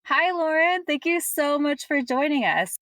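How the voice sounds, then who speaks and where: A woman's voice: high-pitched, expressive, unhurried, fairly bright tone, no room sound, soft background music. Chatty upbeat woman podcast host. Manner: chatty, upbeat, laughs often. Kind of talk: podcast interview.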